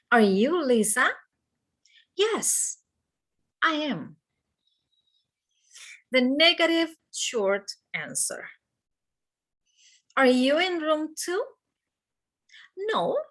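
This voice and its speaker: A woman teaching an English grammar lesson, repeating example sentences slowly and carefully. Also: high voice, sharp tone. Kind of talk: slow English grammar lesson with Spanish explanations.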